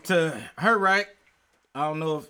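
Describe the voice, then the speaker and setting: A man hosting a rowdy group podcast, loud and boisterous, swearing freely as he banters. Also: fairly high pitch, measured pace. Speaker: podcast host.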